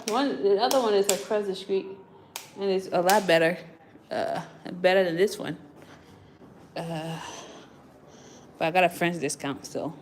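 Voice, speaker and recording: A young female vlogger with a mid-range voice films on a handheld phone as she walks through an apartment indoors, chatting casually. She laughs a lot and tells animated stories, and there's a slight hiss or hum in the audio.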